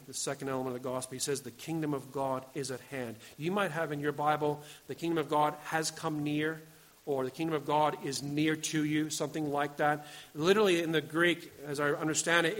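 A man in his forties preaching a sermon, earnest, moving between loud urging and quiet storytelling. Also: a little high, fairly even intonation, fairly quick, a little hiss or hum. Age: 40s. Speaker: pastor.

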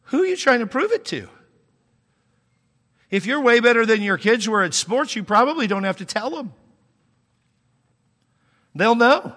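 A man's voice: extremely high pitch, very animated, unhurried, pauses often, bright, forceful tone. A man, a pastor, preaching a sermon in a conversational way, with humor and sudden emphatic rises. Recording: long hall reverb.

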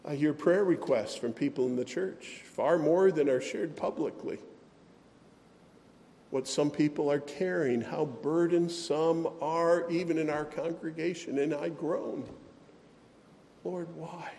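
A man's voice: on the high side, unhurried, dark tone, long reverb tail, a little hiss or hum. A man preaching a sermon as pastor, earnest and emphatic, with sighs and light self-deprecating asides.

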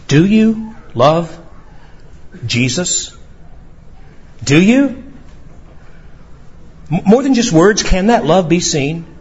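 A man preaching in a church, his voice husky and a little high. He speaks earnestly, voicing quoted lines and stumbling over quick restarts. The recording sounds dull and lo-fi. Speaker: pastor. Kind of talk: sermon. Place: church sanctuary.

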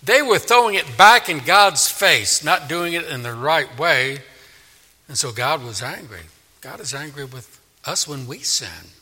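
Man preaching, bright sharp voice, slightly high, acts out voices, echoey hall. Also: animated, unhurried, husky. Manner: dramatic, acts out God's and people's voices. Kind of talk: expository sermon. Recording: echoey hall with long reverb.

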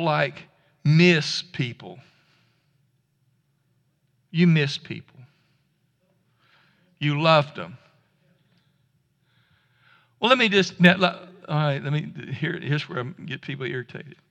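A male pastor delivers a casual, down-home sermon, tripping over and restarting his words as he goes. His voice sits high and sounds bright and forceful. It rings out with the long reverb of a church hall. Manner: conversational, folksy preaching with stammered restarts. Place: church sanctuary.

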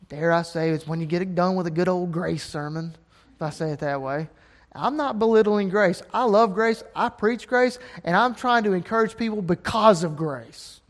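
Southern man preaching, high tenor, rises to emphatic peaks. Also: expressive, normal speed. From Alabama. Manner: impassioned, rising to emphatic peaks. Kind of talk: sermon.

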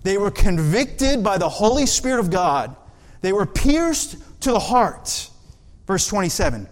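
A man's voice: sits high, sing-song, a little slow. Preacher man in a reverberant hall. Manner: asks the congregation rhetorical questions. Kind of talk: sermon.

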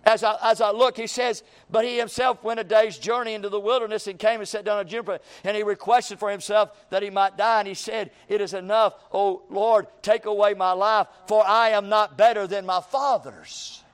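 A man's voice: high-pitched, level tone, fairly quick, hardly any pauses, clean tone. A man preaching a sermon in church, acting out the despairing talk of ordinary people.

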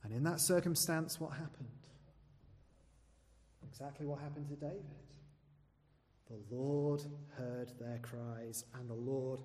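A man's voice: mid-range voice, unhurried, long pauses. Earnest man preaching in a reverberant hall. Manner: earnest, asks the listeners rhetorical questions; swings between soft, dropped phrases and loud, emphatic ones. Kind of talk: sermon. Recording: long reverb of a large hall.

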